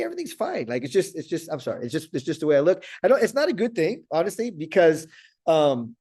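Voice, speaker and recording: A man's voice: on the high side, a little mellow. A middle-aged man giving a motivational coaching talk, earnest, often repeating words and checking in with "right?". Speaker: life coach.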